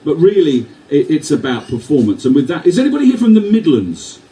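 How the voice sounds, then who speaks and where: A man's voice: a little high, big pitch swings, a little fast, dark tone. Wry man performing poems, heard from afar. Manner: wry, self-deprecating, swears for laughs. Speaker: performance poet. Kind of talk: live poetry reading with banter. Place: live venue before an audience. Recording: distant mic in a live venue.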